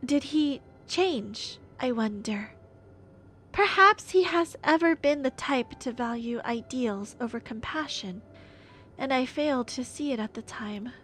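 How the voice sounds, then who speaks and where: A woman voicing a grave, dignified young queen, speaking in a measured, formal way as live game voice acting. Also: high voice, lively intonation, a bit bright, faint music behind. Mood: solemn.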